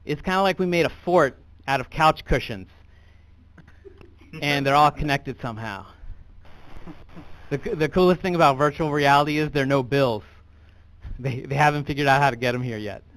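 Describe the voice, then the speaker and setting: Young American man, stand-up comic, dry, deadpan, rambling, fairly high voice. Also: normal speed, pauses often, dry recording. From United States. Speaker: stand-up comedian. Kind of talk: stand-up comedy.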